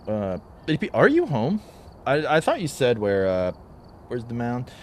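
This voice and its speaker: A man's voice: medium pitch, a little slow, a little hiss or hum. A young man streaming a horror game live, chatting with his viewers in a mock-exasperated, joking way. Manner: animated, mock-exasperated banter with chat. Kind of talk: casual live-stream chat.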